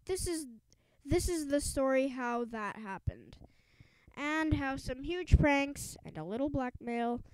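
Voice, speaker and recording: Lady reading a kids story out loud, high smooth voice, takes it slow, trips on words sometimes. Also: no room sound, rough recording. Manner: stumbles and restarts words while reading. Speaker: audiobook reader. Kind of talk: reading a children's book aloud.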